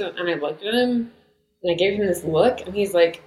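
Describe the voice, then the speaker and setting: Animated woman in a roomy echo. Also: mid-range voice, moderate pace. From United States. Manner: animated storytelling, laughing often. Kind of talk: casual chat.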